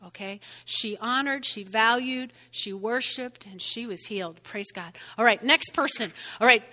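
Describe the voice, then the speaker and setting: A woman's voice: a little high, normal speed, few pauses, bright, forceful tone, in a large hall. A woman preaching a conversational sermon, checking in with the congregation often.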